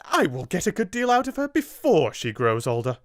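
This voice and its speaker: A man's voice: on the high side, huge pitch swings, slow, dry recording, clean studio sound, pitched above the performer's own voice, full character voice. A man with a British accent voicing a fierce, bitter middle-aged headmistress who snaps out harsh commands in a raised voice. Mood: vengeful. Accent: British English. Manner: harsh, commanding, sharply rising.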